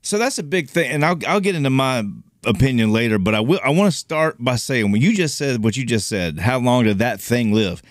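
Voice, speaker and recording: A man's voice: medium pitch, lively intonation, brisk, no echo, studio quality. A man co-hosting a podcast, talkative and teasing, explaining things at length. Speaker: podcast co-host. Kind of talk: casual chat.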